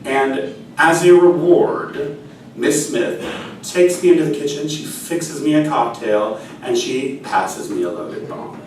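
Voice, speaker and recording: A man telling a funny personal story on stage, in an animated, self-mocking way, with sung bits. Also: on the high side, slow pace, recorded from a distance, slight background noise. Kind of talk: live stage storytelling with songs. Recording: echoey stage audio from afar with music.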